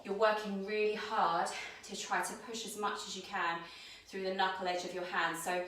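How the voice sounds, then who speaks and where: A woman leads a yoga class, calmly talking through each movement while she demonstrates, a little out of breath. Her voice sits in the middle range. The mic is some distance away in a very echoey room with a faint hiss behind her. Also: mid-range voice, moderate pace. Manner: calm, guiding cues while demonstrating. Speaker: yoga teacher.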